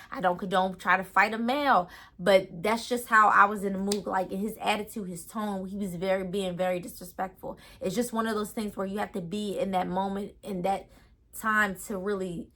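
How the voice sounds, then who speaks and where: A young adult woman tells a storytime to her camera, talking casually and ranting with plenty of slang. Her voice is bright and forward, sitting at an ordinary pitch for a woman. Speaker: storytime vlogger.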